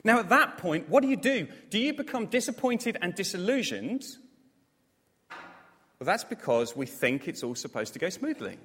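A man preaching a sermon, animated and self-mocking, with jokey asides to the congregation. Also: high-pitched, moderate pace, slightly rough. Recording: long hall reverb.

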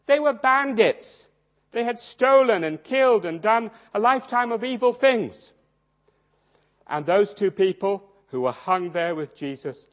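A man preaching a sermon, swinging dramatically between loud emphasis and hushed low tones. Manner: acts out quoted voices in his storytelling.

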